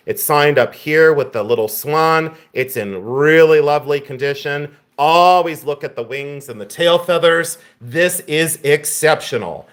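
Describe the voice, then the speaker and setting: A man's voice: a little high, fairly bright tone. A man from Ohio hosting a live-stream auction sale, calling prices and bantering and teasing viewers.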